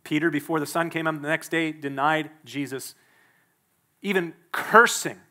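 A male pastor preaching a sermon in a church, emphatic and quick to act out the people he quotes. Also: on the high side, bright, forceful tone. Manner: emphatic, acts out the quoted speakers.

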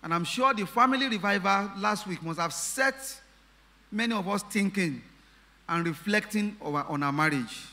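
A male pastor delivers an emphatic sermon, his voice pitched high for a man. The tone is bright and forceful, and he leans on repeated phrases and questions to his congregation. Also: normal speed, in a large hall. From Nigeria. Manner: emphatic preaching with repetitions and rhetorical questions.

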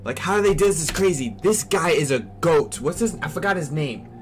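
A young man hosting a casual reaction vlog on a desk mic, rambling excitedly and repeating himself. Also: on the high side, fairly quick, soft background music. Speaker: channel host reacting to a trailer.

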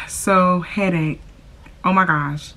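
A woman's voice: on the low side, fairly even intonation, very slow, pushed and bright. A young woman chatting casually to camera, drawling "y'all" and filling her talk with "like" and "oh my gosh". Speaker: vlogger.

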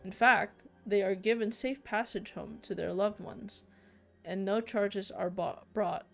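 A calm, menacing male sea officer from a narrative game speaks in measured, courteous threats, read out by a woman. The voice sits at a middle pitch. Faint game music plays underneath. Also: vocal fry.

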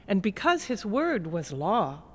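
Slow, lyrical woman storyteller. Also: medium pitch, breathy edge. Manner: lyrical, expressive. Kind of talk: dramatic folk tale narration. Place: museum gallery.

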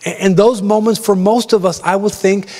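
A man's voice: high voice, fairly even intonation, moderate pace, dark tone. Young guy pastor telling stories in his sermon, lots of likes and ums, long church echo. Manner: chatty storytelling, lots of fillers. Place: large church. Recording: long reverb of a large church.

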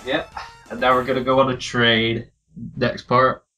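A man's voice: medium pitch, monotone, a little slow, sharp tone, faint music behind. A man hosting casual game commentary, a little stuffy from a cold and swearing in an offhand way. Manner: laid-back, swears casually. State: has a cold, coughing. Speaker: let's play host.

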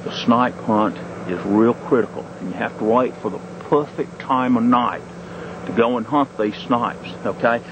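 A man's voice: medium pitch, moderate pace, background noise, close to an everyday voice. A man hamming up a bold wildlife-show host. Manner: folksy exaggerated showman talk, repeats "mate". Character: goofy wildlife-show host, male, mock bravado. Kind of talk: amateur home-video parody. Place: outdoors at night.

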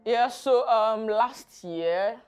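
A woman speaking frankly about a rough year. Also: fairly high pitch, extremely slow, darkish tone, soft background music. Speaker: interviewee. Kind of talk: personal testimony.

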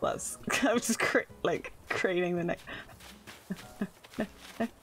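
A young woman with a mid-range voice chats casually with viewers while playing a game on a live stream, speaking slowly over soft background music. She is excitable, laughing and squealing often and calling herself silly.

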